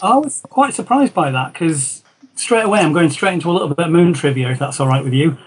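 In a rough recording with slight background noise, a Yorkshire man speaks in a somewhat high, animated voice at a quick pace. A film concept designer with a Northern English accent, he's a guest in a casual interview, telling rambling anecdotes.

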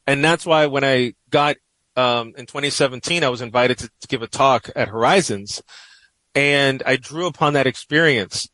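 A man's voice: mid-range voice, normal speed, sharp tone, dry recording, poor audio. Male guest, 40s, from New York, reflective storyteller who rambles, dry studio sound. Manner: reflective, rambling, many "you know"s. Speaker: guest columnist. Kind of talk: personal storytelling in a radio interview.

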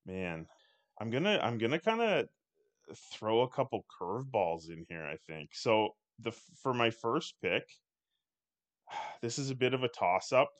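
A man's voice: mid-range voice, sing-song, measured pace. A man chatting casually on a podcast, thinking aloud with many hesitations. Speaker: podcast co-host.

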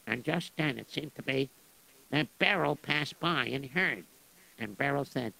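A man's voice: mid-range voice, a little slow, vocal fry, sharp tone, poor audio. A man telling a story in a radio drama in a rambling, casual way.

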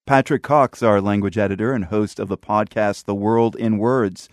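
Guy hosting a radio show in the studio, lowish voice, friendly and curious. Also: steady tone, normal speed, no room sound. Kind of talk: studio interview. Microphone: studio mic.

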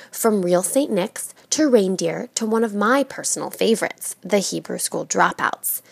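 A woman reading her own story aloud at a mid pitch, with a gravelly, creaky edge on her voice. She keeps a steady narrating pace. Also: dry recording.

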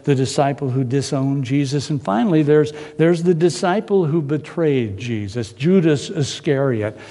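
A man preaching a sermon in a dramatic storytelling way, pausing and repeating phrases. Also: on the high side, lively intonation, dark tone. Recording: reverberant hall.

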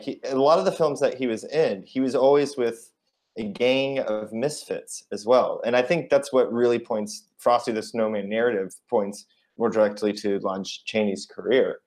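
A man's voice: on the low side, a little slow, a little mellow. A man co-hosting a comedic chat show, playing along with the bit in mock-earnest asides. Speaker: podcast co-host.

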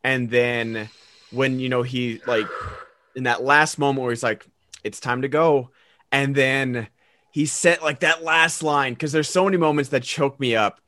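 A man's voice: medium pitch, fairly even intonation, a little slow, pushed and bright, no room sound, studio quality. A man co-hosting a podcast, gushing enthusiastically in casual movie chat over a remote call and acting out quoted lines. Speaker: podcast co-host.

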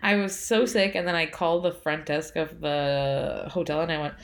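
A woman co-hosting a podcast chats casually and laughs a lot as she tells animated stories. Her voice sits low with vocal fry at a normal speed, and the recording sounds roomy.

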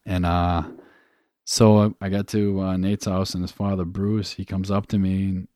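A young man from New Hampshire, a guest telling a candid personal story in a casual, profane way, halting with fillers. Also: sits low, flat delivery, warm tone, dry recording, studio quality.

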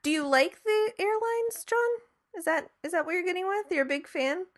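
A woman's voice: very high voice, lively intonation, moderate pace. A woman co-hosting a podcast, chatting casually and teasing with dry interjections. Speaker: podcast co-host. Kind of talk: casual chat.

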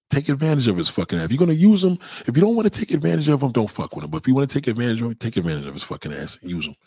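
A man's voice: medium pitch, a little mellow, husky, no echo. A man hosting a livestream, reading chat and ranting in a profane, heated, emphatic way. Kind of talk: casual livestream rant.

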